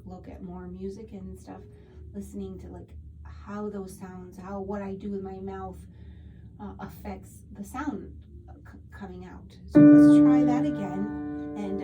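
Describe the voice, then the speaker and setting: A woman teaching a one-on-one singing lesson who explains patiently with lots of "like" fillers and breaks into short sung vowel demos. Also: medium pitch. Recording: distant mic with loud piano music.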